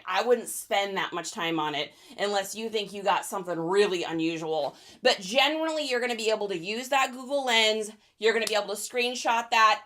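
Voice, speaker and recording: A woman hosts a casual livestream and answers viewer questions. Her voice is bright and crisp, sitting a bit high. She talks quickly and laughs often. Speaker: reseller livestream host.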